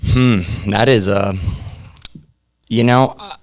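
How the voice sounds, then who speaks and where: A man's voice: mid-range voice, takes it slowly. A young man, a podcast guest, chatting casually in a laid-back, rambling way and laughing often. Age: young adult. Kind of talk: casual interview chat.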